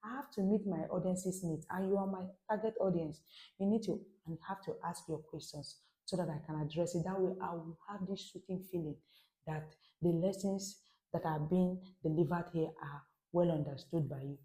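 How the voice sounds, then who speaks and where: A woman's voice: on the low side, steady tone, normal speed, warm tone. A woman teaching a French class online in a chatty way, musing aloud to her viewers. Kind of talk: casual online lesson. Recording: roomy echo.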